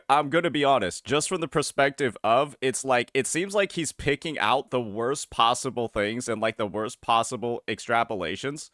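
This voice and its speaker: A man's voice: mid-range voice, sharp tone, dry recording, studio quality. A man streaming a reaction to a video, talking casually and hesitantly, often restarting his sentences and asking questions.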